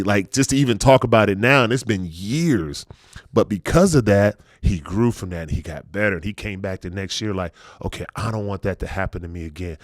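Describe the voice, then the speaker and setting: A man's voice: lowish voice, dry recording, studio quality. A middle-aged man hosting a casual podcast chat, telling personal stories earnestly and dropping his voice when he turns reflective. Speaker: podcast host.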